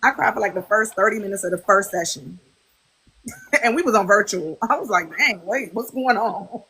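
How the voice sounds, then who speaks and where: A woman, hosting a casual podcast chat and telling stories with lively quoted voices. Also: mid-range voice, a little fast, vocal fry, a little hiss or hum. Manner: animated storytelling, acts out quotes. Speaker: podcast host. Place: livestream on a social app.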